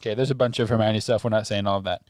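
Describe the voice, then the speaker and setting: A man's voice: lowish voice, fairly even intonation, very fast, a little mellow, dry recording, clean studio sound. A man co-hosting a podcast, talking in a wry, offhand way. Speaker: podcast co-host. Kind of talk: casual chat.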